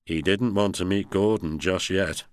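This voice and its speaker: A man doing expressive storybook narration for children. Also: low voice, smooth, dry recording, clean studio sound. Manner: expressive, unhurried.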